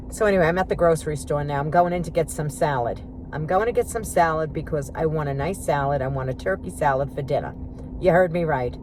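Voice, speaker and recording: Filming on her phone, this woman runs errands by car and at the grocery store, then cooks at home, all while chatting sarcastically to her viewers like friends in a casual rant. She has a low voice, talks fairly quickly, and there's background noise.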